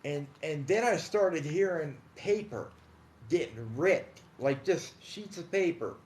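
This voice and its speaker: A man casually telling his own paranormal experiences on a livestream, calling his listeners guys and dude, hushed in some stretches and emphatic in others. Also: on the high side, lively intonation, slow. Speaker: paranormal storyteller. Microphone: phone or computer mic on a livestream. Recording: echoey room.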